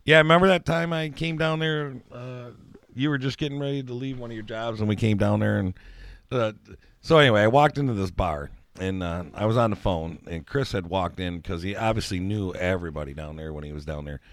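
A man in casual chat, telling a story with lively energy and loud laughs. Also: on the low side, brisk, dry recording. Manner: animated storyteller, laughs loudly. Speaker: co-host.

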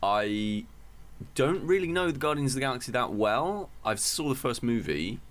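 A man's voice: mid-range voice, sing-song, normal speed, fairly bright tone. A man co-hosting a casual podcast, blunt and offhand, hesitating and searching for words. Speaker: podcast co-host.

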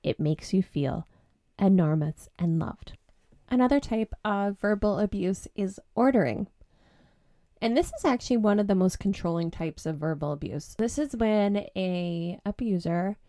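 A woman's voice: fairly low pitch, warm tone, no echo, clean studio sound. A young woman hosting a podcast, speaking earnestly and candidly, with some fillers. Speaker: podcast host and breakup coach. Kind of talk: personal podcast talk.

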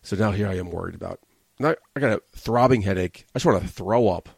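In a podcast studio, a podcast host with a deep, gravelly voice tears through an angry, expletive-laden rant, telling a casual story. He rambles and swears freely, and the recording is dry and close-miked with no room echo.

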